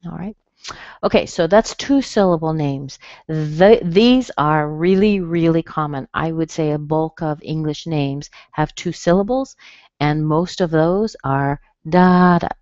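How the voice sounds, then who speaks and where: A woman running an online pronunciation class, taking her time and saying each word twice. Her voice sits a little low and close, with no room around it. The sound is a bit dull, like webinar audio. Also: darkish tone, dry recording. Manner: slow, careful, repeats words for practice. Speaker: pronunciation teacher. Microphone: computer mic on a webinar.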